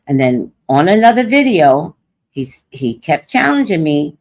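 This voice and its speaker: An older woman hosts a casual livestream and tells a personal story with lots of energy. Her voice sits fairly low for a woman but swoops up and down as she talks. She acts out what other people said as she goes. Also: unhurried, vocal fry. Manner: animated storytelling, quoting others. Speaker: host.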